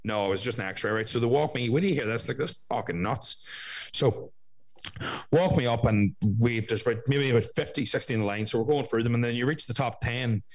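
A man's voice: medium pitch, brisk, darkish tone, rough recording. A man telling a story in casual podcast chat, swearing a lot and acting out the people in it.

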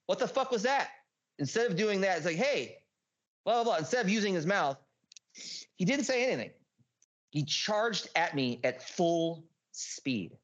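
A man telling a story as a podcast guest, rambling and excitable, swearing a lot and packing his talk with filler words. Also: on the high side, lo-fi sound. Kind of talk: casual storytelling.

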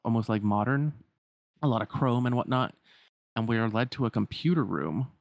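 A man's voice: medium pitch, moderate pace, creaky, no echo. A man casually retelling a story as a podcast host, with lots of filler words.

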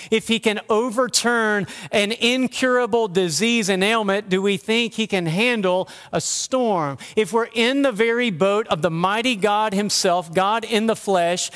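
A man's voice: sits high, fairly bright tone, smooth. A man preaching a sermon as pastor, earnest and conversational, asking the listeners rhetorical questions. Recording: long hall reverb.

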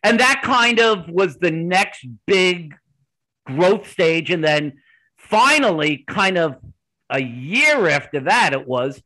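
A man being interviewed on a podcast, telling his stories animatedly in quick bursts with restarts. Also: high voice, sing-song, pushed and bright, poor audio. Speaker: podcast guest. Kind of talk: conversational interview storytelling.

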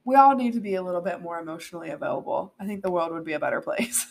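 A woman hosting a solo podcast, earnest and animated, with plenty of "like" and "um". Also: on the low side, rapid-fire, vocal fry. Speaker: podcast host.

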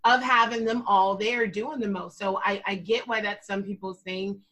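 A woman's voice: medium pitch, steady tone, moderate pace, a bit bright, low-quality recording. A woman co-hosting a casual podcast chat, telling candid stories and laughing often. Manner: candid, laughs a lot, storytelling.

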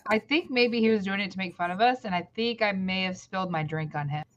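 A woman's voice: mid-range voice, normal speed. A woman co-hosting a horror podcast, chatting casually with a dry, teasing edge. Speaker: podcast co-host. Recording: dull lo-fi mic.

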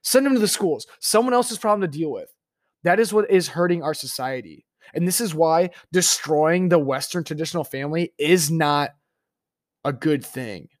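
A man's voice: a little high, normal speed, dry recording. Fired-up man with a dry close voice. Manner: impassioned, repetitive, many restarts and stammers; mocking voices when quoting opponents. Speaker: podcast host. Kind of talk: solo opinion podcast monologue.

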